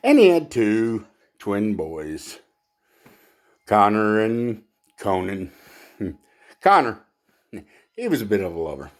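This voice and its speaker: A man doing stand-up comedy in a low voice, laughing at his own lines. He talks slowly and haltingly, with plenty of fillers between jokes. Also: wildly swooping pitch.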